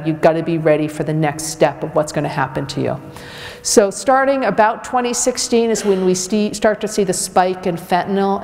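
A woman's voice: lowish voice, darkish tone. Emphatic woman doctor lecturing in a hall. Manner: direct, emphatic, conversational. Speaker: physician and public speaker. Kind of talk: public health lecture. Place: community event hall. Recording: long reverb of a hall.

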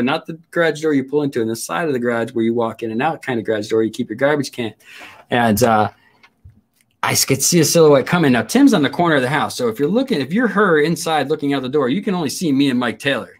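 Crude, laughing man telling stories. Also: medium pitch. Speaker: host. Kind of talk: casual storytelling chat.

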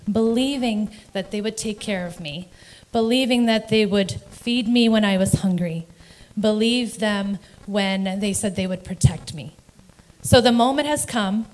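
Middle-aged woman, earnest church testimony, emotional with nervous laughs, mid-pitched voice. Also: low-quality recording. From New Jersey. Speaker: church member giving testimony. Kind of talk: personal testimony in a church service. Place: church sanctuary.

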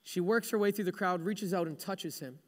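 A man's voice: high-pitched, fairly quick, long reverb tail. A male pastor preaching a sermon, retelling stories with humorous, self-deprecating asides.

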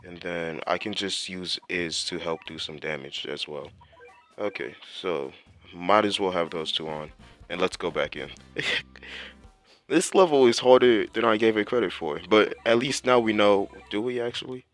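Low-voiced young man muttering over gameplay. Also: moderate pace, soft background music. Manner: talks to himself while playing, slangy, with many fillers. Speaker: gameplay commentator. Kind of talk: casual gameplay commentary.

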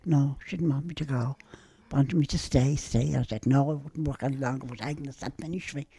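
An elderly Irish woman with a Dublin accent, telling stories from her youth to an interviewer in a lively, plain-spoken way. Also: rumbling low, moderate pace, husky, dry recording. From Ireland. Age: older. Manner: lively and plain-spoken, acting out old conversations. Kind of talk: storytelling reminiscence.

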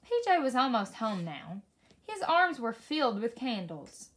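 A woman reads a children's story aloud, her high voice rising and falling in a lively sing-song. She takes her time, pacing each sentence slowly and expressively. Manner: slow, expressive read-aloud with lively pitch. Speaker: story reader.

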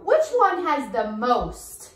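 A young woman teaching a preschool circle time lesson, with slow, sing-song, coaxing teacher talk and songs. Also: on the high side, wildly swooping pitch. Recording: echoey room with faint noise.

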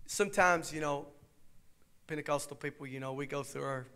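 Fervent preaching man, higher voice. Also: fairly even intonation, a little fast, clean tone. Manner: soft and low at first, rising to fervent preaching. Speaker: pastor. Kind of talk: sermon. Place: church sanctuary.

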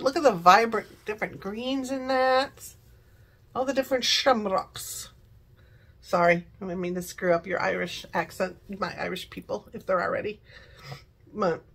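Older lady rambling through a shopping haul at home, kinda high bright voice, laughs a lot. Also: low-quality recording. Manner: rambling, digressive, chatty; laughs often while talking. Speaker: product haul vlogger. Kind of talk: casual chat. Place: her living room at home.

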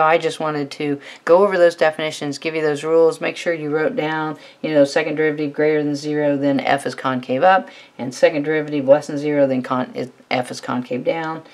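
A woman teaching a recorded calculus lecture, talking students through a problem step by step in a relaxed, conversational way. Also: low voice. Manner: relaxed, conversational, thinks aloud while writing. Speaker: math teacher.

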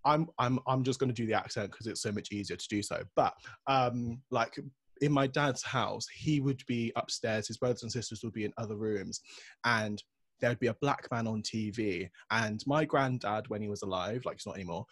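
A young man hosting a podcast, telling stories in a passionate, animated way during a casual discussion. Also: mid-range voice, moderate pace, slightly rough, no echo. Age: young adult. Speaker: podcast host.

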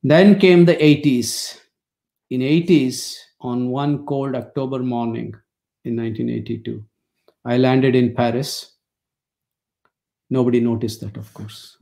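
Older man, warm gravelly lecturer, dry anecdotal humor, webinar call mic. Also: mid-range voice, fairly even intonation, unhurried, pauses often. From India. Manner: anecdotal, wry storytelling with dry jokes.

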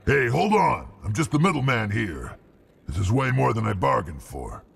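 A man's voice: mid-range voice, sing-song, normal speed, creaky, fairly bright tone, breathy edge, full character voice. An actor voicing a pushy male thug in a video game, blustering and threatening. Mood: defensive. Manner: threatening, then defensive. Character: blustering human thug, adult man, pushy.

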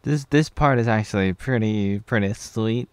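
A man's voice: on the low side, moderate pace, smooth, no room sound. A man in his thirties from Oregon, casually reviewing a TV episode in a meandering, rambling way with chuckling asides to himself. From USA (Oregon). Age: 30s.

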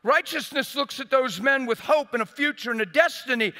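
A man preaching a sermon in an expressive, emphatic way, swinging between loud bursts and hushed passages. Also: very high-pitched, normal speed, long reverb tail.

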